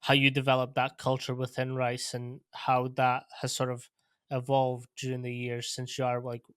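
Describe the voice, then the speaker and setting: Chill scottish guy, swears a bit, laughs easy, mid pitch, clean dry sound. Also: monotone, normal speed, clear, resonant tone, no room sound. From Scotland. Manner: laid-back, chatty, swears, laughs easily. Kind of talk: casual interview chat.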